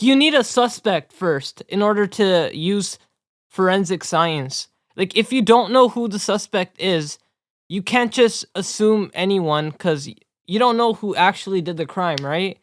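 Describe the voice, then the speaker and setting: A man's voice: sits high, no room sound, studio quality. A young man giving casual, laid-back reaction commentary with wry remarks. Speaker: reaction video host.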